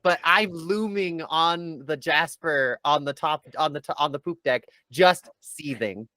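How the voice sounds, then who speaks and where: A man chats as a player in a tabletop game, stammering and restarting. His voice is bright and fairly high, and the sound is dry. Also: a little slow, dry recording. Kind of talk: casual tabletop game play.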